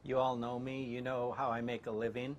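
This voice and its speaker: A man playing a gruff, mercenary male shark hunter in an amateur scene reenactment, reading his lines flatly as if off a card. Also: medium pitch, a little fast, a little hiss or hum, close to an everyday voice. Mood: gruff boasting.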